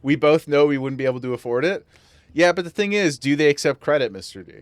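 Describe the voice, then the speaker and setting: A man's voice: fairly high pitch, lively intonation, quick pace, no room sound. Jokey man streaming a game from home. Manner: jokey, laughs often, reads game dialogue aloud. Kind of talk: casual live gameplay commentary.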